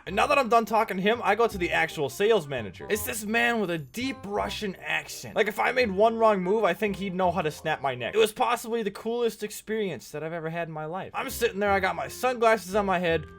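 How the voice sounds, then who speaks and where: A young man in his twenties hosting a game video, telling comic stories with animated, joking delivery and frequent laughs. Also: high-pitched, fast, vocal fry, few pauses. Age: 20s. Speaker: let's play host. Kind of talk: gameplay commentary with comic storytelling. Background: faint background music.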